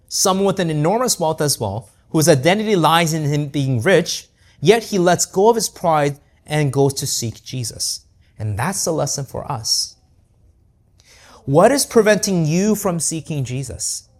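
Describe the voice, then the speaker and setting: A man preaching a sermon, earnest and conversational, often asking rhetorical questions and adding "right?". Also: fairly high pitch. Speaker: pastor.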